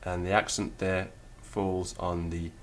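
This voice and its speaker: Slow, low-voiced male Latin teacher. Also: little pitch movement. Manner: slow, deliberate, carefully sounding out syllables. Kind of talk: spoken lecture.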